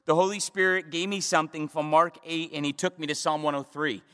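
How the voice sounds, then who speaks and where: A man's voice: fairly high pitch, steady tone, a little fast, bright, forceful tone, clean tone. A man preaching a midweek Bible study sermon as a pastor, with emphatic repetitions and rhetorical questions. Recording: long hall reverb.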